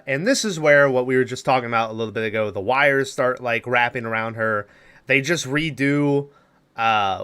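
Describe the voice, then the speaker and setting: A man's voice: medium pitch, bright, forceful tone, clear, resonant tone. A man co-hosting a podcast, casually recapping a movie plot in a rambling, loose way, full of fillers and swearing. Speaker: podcast co-host.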